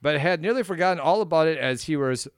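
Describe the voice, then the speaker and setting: A man with an Upper Midwest accent, co-hosting a casual podcast, muttering at equipment and reading a story aloud haltingly. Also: fairly high pitch, animated, clear, resonant tone, no echo, clean studio sound. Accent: Upper Midwest American. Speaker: podcast co-host. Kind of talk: casual chat.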